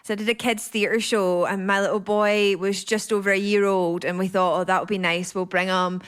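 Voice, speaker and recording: Woman telling a lively comic anecdote. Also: medium pitch, normal speed, smooth. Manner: lively storytelling with acted-out quotes. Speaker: comedian panelist. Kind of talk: anecdote on a panel show.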